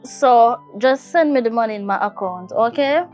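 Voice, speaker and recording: A woman's voice: a little high, normal speed, darkish tone, muffled recording, faint music behind, lightly acted. An actress playing a scheming Jamaican woman who switches between patois and standard speech. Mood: sly. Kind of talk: indie film acting.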